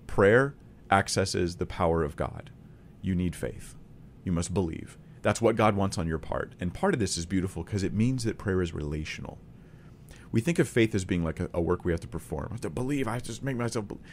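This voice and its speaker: A man's voice: sits low, slight background noise. A man giving a conversational Bible study, earnest and emphatic, often restating his key points. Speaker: Bible teacher.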